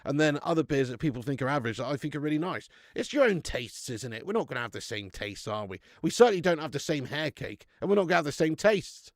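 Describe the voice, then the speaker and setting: A man in his thirties chats casually on a live stream from home, his voice pitched a little high with a gravelly edge. He banters with viewers in a matey way and laughs often. The sound is close and dry, with no room around it. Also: expressive, fast talker, hardly any pauses, no room sound.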